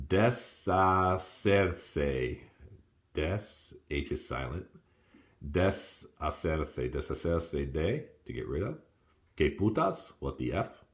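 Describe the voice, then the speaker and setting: A man casually walking through his beginner study notes, who laughs often and jumps up in pitch on exclamations. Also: a little mellow. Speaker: language learner sharing study notes. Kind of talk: casual self-recorded lesson.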